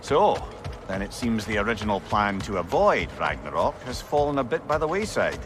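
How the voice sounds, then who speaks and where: An actor playing a wry, talkative old counselor, speaking in a dry, wordy way. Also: male voice, on the low side, very animated, moderate pace, noisy background. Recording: game audio with music behind.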